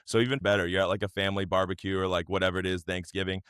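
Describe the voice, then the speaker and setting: A man co-hosting a casual podcast chat, rambling and acting out quotes in loud, high voices. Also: level tone, very fast, clean tone, no echo, studio quality. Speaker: podcast co-host.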